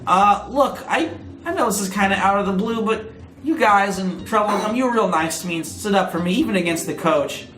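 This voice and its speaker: A man voicing a shy, eager teenage girl gorilla in a squeaky, high voice, with a roomy echo. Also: brisk, fairly bright tone. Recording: roomy echo, faint noise.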